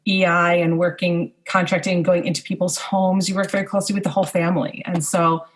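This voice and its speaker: Low-voiced woman speech pathologist. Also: little pitch movement, brisk. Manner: thoughtful, many fillers and restarts. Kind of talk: casual podcast conversation.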